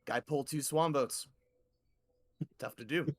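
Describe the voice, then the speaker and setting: A man voicing a nervous, scheming male gator who lowers his voice and stammers as he plots. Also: unhurried, no echo. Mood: matter-of-fact. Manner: hushed, conspiratorial, stammering.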